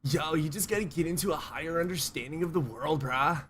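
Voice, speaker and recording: A man's voice: on the high side, a little fast, a bit bright, slight background noise, voice pushed up, close to an everyday voice. A man voicing a smug, stoned spiritual bro who drawls mockingly and keeps saying "bruh". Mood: smug, dreamy.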